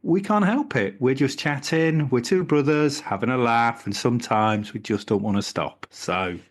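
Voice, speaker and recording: A man co-hosting a podcast, his voice at a middle pitch. He chats with easy, jokey banter. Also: normal speed. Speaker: podcast co-host. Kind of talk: casual chat.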